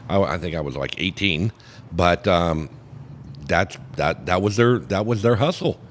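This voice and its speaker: A man from Oregon spins a loose, rambling yarn among friends, his fairly low voice swinging widely up and down as he acts out the other people in the story. He talks like a podcast co-host relaxing in a cigar lounge, with a faint hiss behind him. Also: lively intonation, a little slow, in a large hall. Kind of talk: casual storytelling chat.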